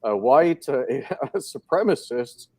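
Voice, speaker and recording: A man's voice: medium pitch, expressive, takes it slowly, darkish tone, no room sound. A man co-hosting a casual political chat, rambling and sarcastic, with lots of fillers.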